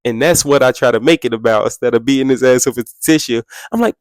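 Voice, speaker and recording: A young man, a podcast guest, telling a story in an animated way, acting out quotes in a much higher voice and adding sound effects. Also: fast, vocal fry, few pauses, dry recording, studio quality.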